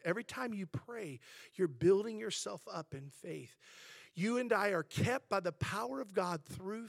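Pastor, male, high tenor, animated storyteller, dry close sound. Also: creaky, dry recording. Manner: chatty storytelling, animated and humorous. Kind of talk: sermon.

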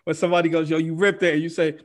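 An energetic New comedian talks in street slang and swears freely. His voice is a little higher than most men's. He tells his stories with animated bursts. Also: very fast. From New York, United States. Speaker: comedian guest. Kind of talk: casual podcast chat.

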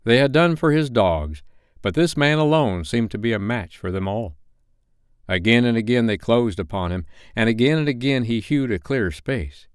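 A man reading a classic novel aloud as a bedtime story, in an expressive, lively way. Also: medium pitch, normal speed, smooth, dry recording, clean studio sound. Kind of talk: audiobook narration.

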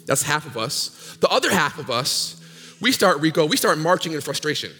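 A male pastor preaching a sermon, swinging from loud sung peaks down to low murmurs in call-and-response style. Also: very animated, moderate pace, breathy edge. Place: church sanctuary. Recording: long hall reverb with faint music.

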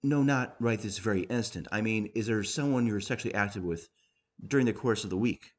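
A man voicing a falsely cheerful male doctor who talks in a bright, sing-song way. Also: on the low side, fairly quick, natural voice. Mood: chirpy.

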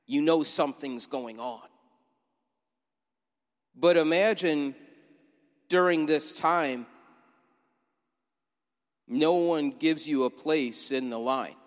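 A fairly high-voiced man preaches a sermon, painting a scene and inviting the congregation to imagine themselves in it. His voice rings out with a long reverb through a church sanctuary. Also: takes it slowly, pauses often. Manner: vivid storytelling, inviting listeners to imagine. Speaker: pastor.

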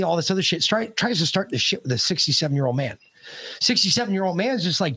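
Husky, swearing podcast host, a man. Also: a little high, fairly quick, no room sound. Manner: loose, swearing, animated retelling. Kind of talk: casual chat, profane storytelling.

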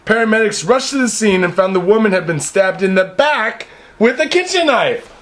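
High-voiced man reading news with jokes. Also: animated, normal speed, a bit bright. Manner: crude, joking, reads headlines then riffs. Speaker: podcast co-host reading news stories. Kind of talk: casual comedic podcast chat. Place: Japan.

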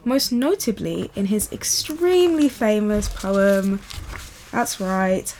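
A woman's voice: medium pitch, expressive, takes it slowly, a little mellow, slight background noise. Chatty woman gushing about poems. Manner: enthusiastic and rambling. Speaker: vlogger. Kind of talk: casual chat about poetry.

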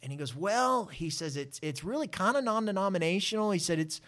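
A man, a guest telling a personal testimony with lively acted-out dialogue. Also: sits high, fast. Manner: animated, acts out voices in his story. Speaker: interview guest. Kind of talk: storytelling testimony.

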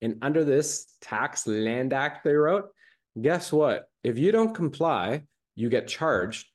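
Casting: male show host from Canada, intense and rapid-fire, mid-pitched voice. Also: lively intonation. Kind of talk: casual chat.

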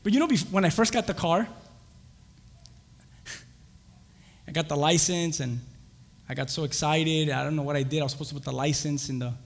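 A young man preaching a sermon, telling a lively personal story with laughter and acted-out voices. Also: a little high, normal speed, vocal fry, pauses often. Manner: animated, laughing, acts out voices in his stories. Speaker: pastor. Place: church. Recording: church hall reverb.

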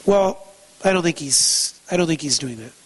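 A man's voice: fairly high pitch, lively intonation, moderate pace, low-quality recording. A man preaching a sermon, emphatic, asking rhetorical questions and repeating key phrases. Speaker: pastor.

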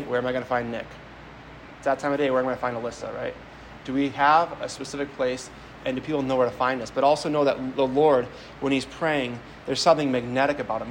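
A medium-pitched man, a Catholic priest, preaches a homily conversationally, weaving in stories and repeating words often. Slight background noise sits under the low-quality recording.

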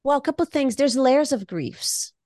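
A woman podcast co-host and music therapist, talking in an expressive, heartfelt way and often repeating words as she starts a thought. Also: high-pitched, moderate pace, no echo. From Latino community. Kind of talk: casual conversation.

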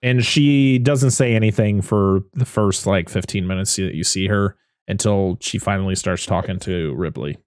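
A man's voice: low-pitched, moderate pace, few pauses, a little mellow, dry recording, studio quality. A man casually recapping a film on a podcast, laughing often and acting out the characters' lines. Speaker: podcast co-host. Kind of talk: casual movie recap chat.

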